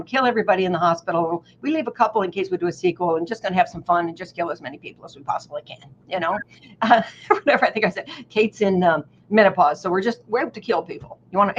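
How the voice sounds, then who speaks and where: Animated self-mocking woman storyteller, lo-fi. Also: mid-range voice. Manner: animated, self-mocking, acts out voices in her stories. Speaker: guest. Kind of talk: casual storytelling. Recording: dull lo-fi audio with faint noise.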